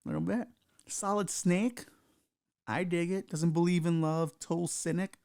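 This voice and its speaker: Middle-aged male podcast host, raspy fry on a higher voice, crude and self-mocking, loose comic rambling. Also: fairly even intonation, moderate pace, darkish tone. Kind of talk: casual comedic monologue.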